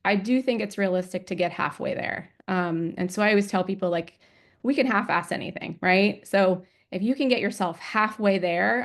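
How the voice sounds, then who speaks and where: A woman's voice: fairly low pitch, vocal fry. A woman in her forties telling her personal story as a webinar guest speaker, candid and emotional, with many ums. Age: 40s. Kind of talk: personal story talk with slides.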